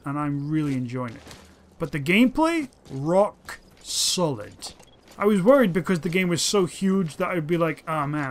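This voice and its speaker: Brief: high-pitched male let's-player, excitable, swears a lot, chatty play-by-play. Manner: excitable, profane, talks to his dog companion. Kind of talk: casual gameplay commentary.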